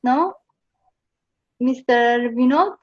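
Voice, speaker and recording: Speaking extremely slowly in a high voice, a woman from Slovenia drills Chinese sounds with her students over a video call. She patiently repeats each one. The sound is muffled.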